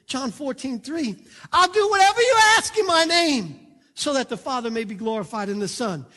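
A man's voice: very high voice, very animated, normal speed, bright, forceful tone. A man pastor preaching a sermon in an emphatic, pleading way, stressing the words of scripture.

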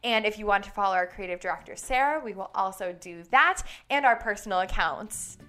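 A woman's voice: mid-range voice, lively intonation, a little fast, pushed and bright, faint music behind. A young woman co-hosting a casual podcast, ranting animatedly with lots of fillers and laughter. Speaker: podcast co-host.

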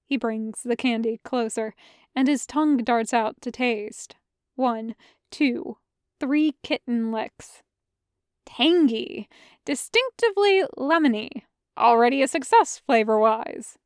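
A woman reading a fan fiction audiobook in a light, brisk narrating voice. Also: on the high side, clean tone, dry recording, clean studio sound. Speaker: podfic reader.

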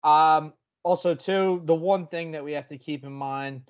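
A man's voice: a little high, measured pace, clear, resonant tone, highs cut off. A man hosting a sports betting podcast in casual, brash chat, swearing freely as he talks picks.

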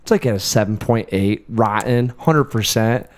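A man's voice: lowish voice, normal speed. A man in his thirties co-hosting a casual movie podcast, swearing freely and telling stories with quoted voices. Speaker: podcast co-host. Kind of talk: casual film chat.

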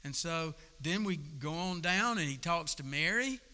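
A man preaching to his congregation in a relaxed, folksy sermon, his voice bright and somewhat high for a man. He talks like he's chatting with friends, tossing in casual asides. The sound carries with a long echo through a church hall. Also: measured pace. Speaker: pastor. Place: church sanctuary.

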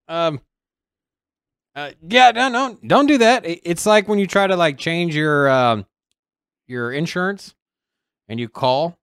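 A man co-hosting a podcast in casual chat, animated and acting out other people's lines as he tells a story. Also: on the high side, a little slow, pauses often, clean tone, no room sound, clean studio sound. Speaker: podcast co-host.

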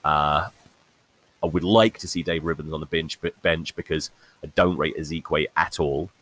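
A man's voice: rumbling low, steady tone, moderate pace, a bit bright. Blunt sweary man, crackly mic. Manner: blunt, sweary, opinionated, rambling. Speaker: podcast host. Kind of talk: casual solo rugby chat. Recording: crackly faulty mic with faint hiss.

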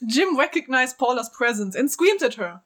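A woman's voice: high-pitched, big pitch swings, moderate pace, a bit bright. A woman reading a story aloud with friends as narrator, chatty and giggly, stopping for jokes. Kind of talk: casual read-aloud with friends.

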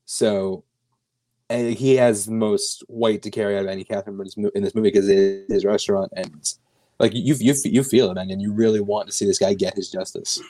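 A man with a low voice in casual podcast conversation. He is emphatic and loose, dropping the odd swear word. The sound is dry and close, with no room echo. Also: steady tone, fairly quick, dark tone. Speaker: podcast co-host or guest. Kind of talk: casual film-review chat.

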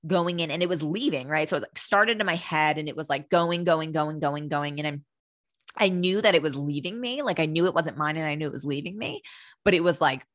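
A woman's voice: low-pitched, fairly quick, a bit bright, no room sound, clean studio sound. A young woman talking candidly and with animation, swearing casually as she tells a personal story and acts out her own thoughts.

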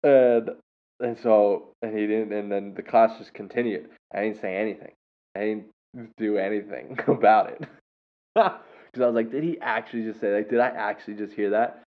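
Man, low voice, tinny phone-like sound, casual rambling monologue, lots of "uh" and restarts. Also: fairly even intonation, normal speed. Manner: rambling, with many fillers and self-corrections. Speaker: podcast host and English teacher.

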